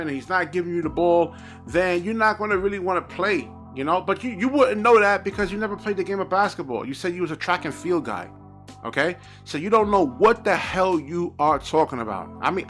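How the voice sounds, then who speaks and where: Man, fairly high voice, exasperated basketball rant with repetitive phrasing. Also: a bit bright. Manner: exasperated, repetitive, says 'man' often. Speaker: basketball commentator. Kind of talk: reaction rant on video.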